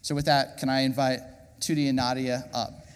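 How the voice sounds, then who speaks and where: A man, a pastor, gently interviewing guests on stage during a sermon, halting with many fillers. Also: medium pitch, level tone, clean tone. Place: large church auditorium with congregation. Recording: reverberant church hall with audience.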